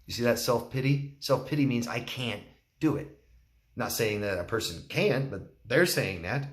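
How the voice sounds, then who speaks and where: A man's voice: medium pitch, animated, normal speed, echoey room. A man, a relationship coach, answering viewer questions in a candid, plain-spoken way and acting out quotes. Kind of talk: solo Q&A talk to camera.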